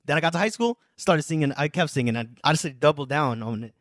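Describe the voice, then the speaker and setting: A man's voice: on the high side, lively intonation, fast, dry recording, studio quality. A man in his twenties from New Jersey, a guest musician telling his story in casual podcast chat, slangy and rambling. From United States, New Jersey. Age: 20s. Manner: slangy, rambling, full of filler phrases.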